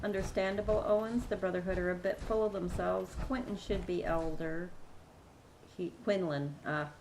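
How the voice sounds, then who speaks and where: A chatty Canadian woman in her thirties streams a game, talking casually and reading out viewer messages. Her voice sits a bit low. Loud game sound plays behind her. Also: steady tone, normal speed, noisy background. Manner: chatty, reads viewer chat aloud. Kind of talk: casual chat while gaming.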